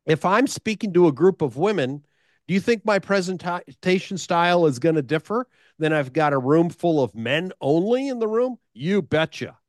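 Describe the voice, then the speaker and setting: Expressive and a little high, speaking at normal speed, a middle-aged American sales speaker recounts stories in a conversation, leaning on rhetorical questions and repetition. Studio quality, with no echo.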